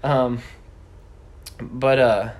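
A man's voice: medium pitch, extremely slow. Teenage guy telling a funny story. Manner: animated storytelling with quoted voices and laughs. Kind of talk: casual chat.

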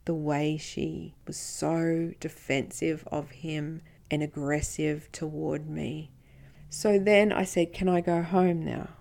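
A woman's voice: low voice, steady tone, takes it slowly, gravelly, darkish tone. A woman hosting a podcast, telling a personal story and acting out the dialogue of the people in it, sometimes dropping to a whisper. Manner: recounting events, quoting others in dialogue, occasional whispering. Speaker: podcast host.

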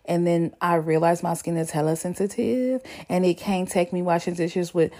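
A young woman, telling a story to her viewers in a chatty, slangy, animated way. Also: lowish voice, moderate pace, few pauses. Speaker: vlogger. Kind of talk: casual storytelling to camera.

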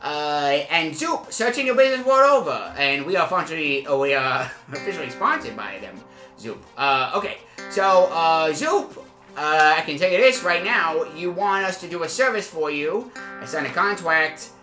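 Rambling comedy podcast host, lively pitch. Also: male voice, echoey room, faint music behind. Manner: rambling, halting with many fillers, suddenly emphatic. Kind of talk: improvised comedy podcast banter.

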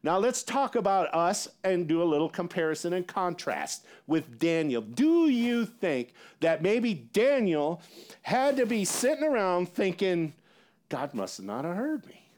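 A man preaching a sermon in an animated, conversational way, with casual asides. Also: high voice, a little slow. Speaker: pastor.

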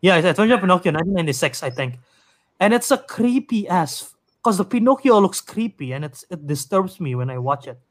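A man hosting a casual podcast chat, animated and rambling, laughing easily. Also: high-pitched, a little fast. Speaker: podcast host.

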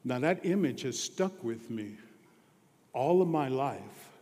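A man preaching a sermon who drops to hushed near-whispers on some lines and rises to loud, emphatic declarations on others. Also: mid-range voice, lively intonation, slow pace, big-room sound.

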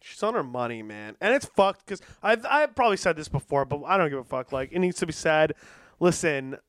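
A Canadian man with a high, smooth, resonant voice, swearing freely as he tells stories in loose conversation. The sound is dry and close, with no room around it. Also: fairly quick, no echo. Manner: profane, animated storytelling. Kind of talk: casual chat.

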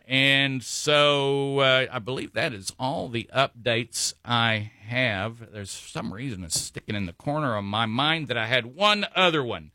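Rambling radio host, forceful voice. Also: male voice, medium pitch, dry recording, studio quality. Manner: rambling, full of fillers and self-corrections. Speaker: radio talk show host. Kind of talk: local talk radio monologue.

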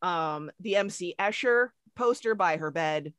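Animated, swearing woman in casual chat. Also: fairly low pitch, smooth, dry recording. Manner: animated, profane, quick-talking. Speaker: podcast co-host.

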